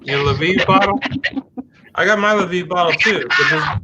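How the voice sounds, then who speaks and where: A man's voice: high voice, moderate pace, highs cut off, heavy background noise. A middle-aged man hosting a live-streamed talk show in casual chat, rambling and restarting his sentences as he thinks aloud.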